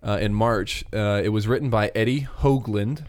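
A man hosting a casual podcast as a pastor, talking in a playful, jokey way with quick asides. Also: on the low side, a little mellow, dry recording.

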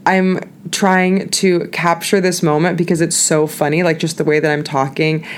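A woman's voice: low voice, level tone, moderate pace. A woman hosting a podcast, telling a story in a chatty, candid way, full of "like" and frequent laughs. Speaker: podcast host. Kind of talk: casual storytelling monologue.

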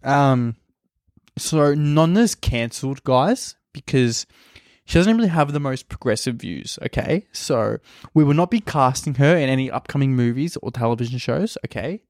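A man's voice: mid-range voice, animated, moderate pace, darkish tone, no echo, clean studio sound. A man with an Australian accent, a stand-up comedian rambling crudely through a casual solo podcast. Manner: crude, rambling, heavy swearing.

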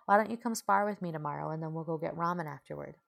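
A bubbly young heroine, playful and quick-tempered, as a woman voices her. Her voice lifts a little above the reader's low, gravelly tone. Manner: bright and playful, quick to fury.

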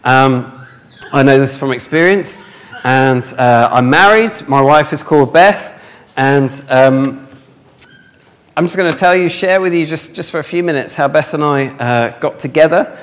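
In a sermon recorded with long hall reverb, a young northern English man acts out the dialogue of a humorous story at his own expense. He speaks at a measured pace in a fairly high voice.

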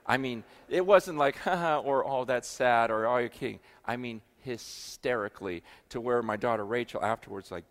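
A man's voice: mid-range voice, moderate pace. A middle-aged man from the United States preaching a sermon, telling a story with lots of repeated words and acted-out quotes. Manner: animated, acts out quoted voices, repeats words.

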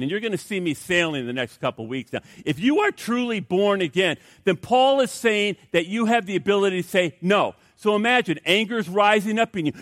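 A man preaching a sermon in a joking, conversational way, with a lot of "you know" and restarts. His voice sits a little high for a man, and the sound is close and dry. He talks like a pastor easing his congregation toward a point. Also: lively intonation, a little fast, few pauses, fairly bright tone, dry recording. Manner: conversational and humorous, with many fillers and restarts.

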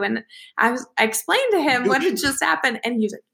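A woman in her thirties talks as a guest in a relaxed interview, her voice bright and a little high. She tells her stories with animation, slipping into the voices of the people she describes. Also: a little fast, creaky. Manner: animated, acts out quoted voices. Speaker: interview guest, naval aviator and author. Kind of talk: casual interview storytelling.

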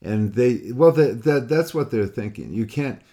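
A man's voice: mid-range voice, lively intonation, a little slow, warm tone. A man talking casually as a painting teacher on a call with a student, rambling and repeating himself as he acts out what students say. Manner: rambling, repeats words, quotes students in other voices. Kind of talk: casual one-on-one critique talk.

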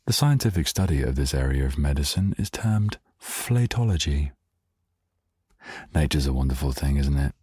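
A man's voice: a bass voice, lively intonation, moderate pace, mellow, breathy edge, no echo. A man hosting a casual solo podcast, playful and rambling off on tangents. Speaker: podcast host.

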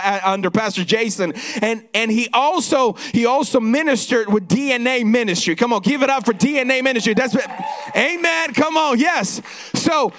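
A man speaking to a church congregation, energetic, repeating words as he introduces the next pastor. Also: high voice. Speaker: church worship leader. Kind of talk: church service talk.

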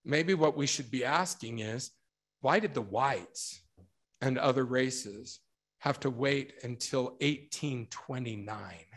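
A middle-aged man giving a religious talk, telling a story and acting out the quotes with lively emphasis. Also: medium pitch, slow pace. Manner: storytelling, animated, acts out quotes. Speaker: speaker.

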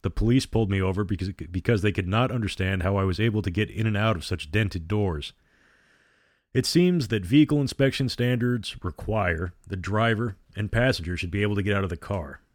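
A man reading the part of an easygoing, jokey teenage boy who tells his tale deadpan, in a storybook reading. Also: lowish voice, brisk, no echo, studio quality, close to an everyday voice.

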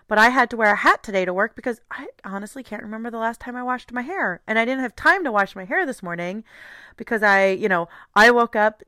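A woman's voice: mid-range voice, bright, forceful tone, smooth, no echo, studio quality. A woman in her thirties hosting a solo podcast, talking candidly and acting out her own inner thoughts. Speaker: podcast host.

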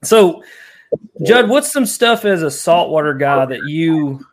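A man's voice: a little high, takes it slowly. A man hosting a casual fishing live stream, rambling and laughing as he tells stories. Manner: rambling, laughs often, animated storyteller. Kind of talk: casual chat.

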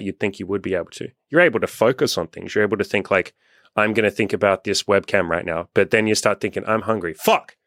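A man's voice: on the low side, a bit bright, no echo, studio quality. A young man hosting as a dating coach, talking casually and profanely and acting out the voices of people he quotes. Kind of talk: casual podcast conversation.

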